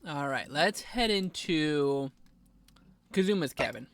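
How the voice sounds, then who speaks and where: A man's voice: a little high, expressive, takes it slowly, slight background noise. A man hosting a game playthrough, chatting casually and apologetically, sometimes talking while eating. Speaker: gaming channel host.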